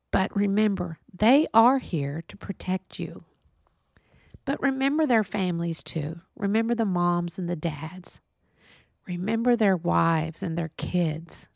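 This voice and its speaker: Earnest mom with a gravelly voice. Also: female voice, mid-range voice, no room sound, clean studio sound. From Texas. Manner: earnest, storytelling, acts out quoted voices. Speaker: podcast host. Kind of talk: heartfelt spoken monologue.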